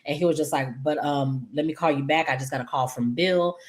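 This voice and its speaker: Sassy low-voiced woman recapping soaps. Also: a little fast. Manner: chatty, animated, sassy asides to viewers. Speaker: soap opera recap host. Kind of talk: casual episode recap.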